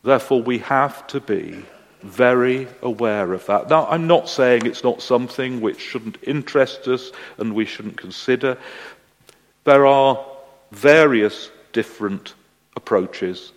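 A man preaching a sermon at a slow, deliberate pace. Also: medium pitch. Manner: slow, deliberate delivery, animated voices in the story. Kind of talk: sermon with a told joke. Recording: long hall reverb.

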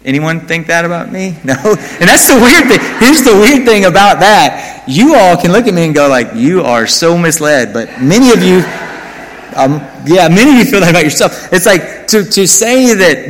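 A man's voice: high-pitched, big pitch swings, moderate pace, a bit bright. American man, pastor, casual self-mocking sermon, ringing church hall. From United States. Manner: conversational and self-mocking, with asides to the congregation. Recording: long hall reverb.

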